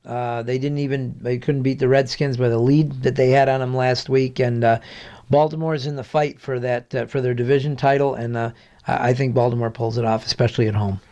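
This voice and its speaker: A man as a guest sports analyst in a casual picks chat, measured and hesitant, with many restarts. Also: mid-range voice, fairly even intonation, a little mellow, lo-fi sound.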